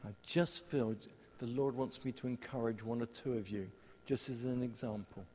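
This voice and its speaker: Man, preacher, conversational, self-deprecating humour, mid-pitched, long hall echo. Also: steady tone, moderate pace, mellow, husky. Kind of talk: sermon with prayer.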